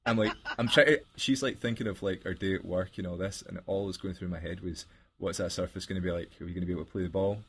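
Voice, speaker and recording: A man's voice: low-pitched, steady tone, fast talker, a bit bright, slightly rough. A man co-hosting a podcast, telling rambling stories with laughs in casual chat. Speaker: podcast co-host.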